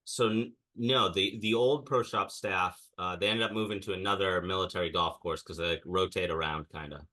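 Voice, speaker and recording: Low-voiced guy co-hosting a chat show, forceful bright tone, ranting storyteller who acts out quotes. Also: fairly even intonation, moderate pace, few pauses. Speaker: podcast co-host. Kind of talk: casual chat.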